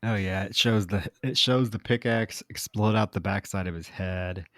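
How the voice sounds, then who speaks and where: A man with a fairly low voice recaps a horror movie on a podcast, chatty and animated, and he slips into quick impressions of the characters. The sound is dry and close, with no room around it. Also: dry recording. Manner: animated retelling, quoting characters. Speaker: podcast co-host. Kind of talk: casual film recap chat.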